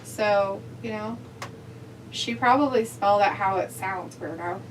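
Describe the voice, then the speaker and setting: A woman's voice: medium pitch, measured pace. A woman co-hosting a livestream, chatting casually, reading viewer comments aloud and laughing often. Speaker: livestream co-host. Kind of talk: casual chat while watching wrestling. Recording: distant mic with faint hum.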